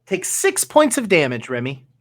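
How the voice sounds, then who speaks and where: A man running a tabletop game as game master, tallying dice aloud in a measured way. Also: a little high, huge pitch swings, a little hiss or hum.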